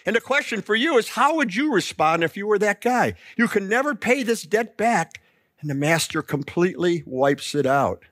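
A man preaching a sermon with a voice that swoops up and down as he tells the story. His pitch sits a little high for a man, and the sound is close and dry. He acts out the quoted lines with lively emphasis. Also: moderate pace, no room sound. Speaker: pastor.

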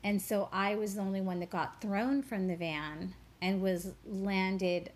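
Woman guest, spiritual teacher, reflective interview storyteller, earnest, mid-range voice, halting repeats. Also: mid-range voice, steady tone.

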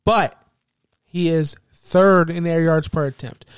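A high-pitched man on a casual sports podcast, teasing his co-host and firing off statistics. His voice is recorded close and dry, with no room sound. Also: takes it slowly, smooth, dry recording. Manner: teasing, stat-heavy, needling.

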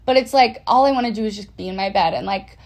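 A woman's voice: medium pitch, a little mellow. A young woman co-hosting a podcast, chatting bluntly and chiming in often with agreement. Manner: blunt, agreeable, quick interjections. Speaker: podcast co-host. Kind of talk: casual chat.

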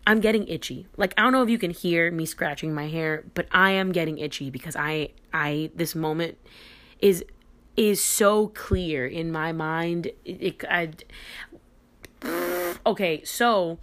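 Young woman, lowish voice, gets worked up telling her story, lots of restarts. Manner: animated and excitable, with restarts and dramatic pauses. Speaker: podcast host. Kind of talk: casual storytelling.

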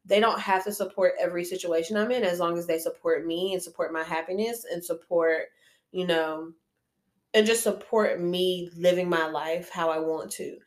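A woman's voice: on the low side, steady tone, moderate pace. A woman co-hosting a casual live podcast, blunt and emphatic, swearing freely. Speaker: podcast co-host.

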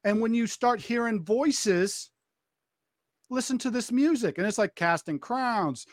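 On a casual podcast, a man with an expressive, high-pitched voice tells a story a little slowly, vividly voicing each quoted line. He keeps restarting and repeating phrases, and the close, dry recording has no room sound.

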